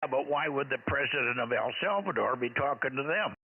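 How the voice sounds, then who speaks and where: A man's voice: mid-range voice, lively intonation, fairly quick. A man running a ham radio net, chatting casually and rambling with many fillers. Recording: tinny radio with hiss.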